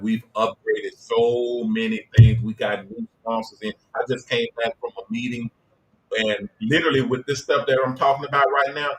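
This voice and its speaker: A middle-aged livestream host and business coach gives an emphatic, preachy motivational talk, his volume swinging between loud and low. The recording is rough.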